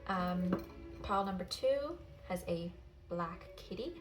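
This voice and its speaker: A woman's voice: on the low side, animated, slow. A woman giving a casual tarot reading, hesitant with many ums, and she has the hiccups. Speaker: tarot reader. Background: classical music.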